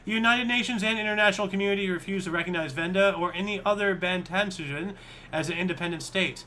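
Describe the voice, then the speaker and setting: A man's voice: sits high, quick pace, sharp tone, a little hiss or hum. A man co-hosting a history show, chatting casually and thinking aloud as he reads. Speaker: co-host.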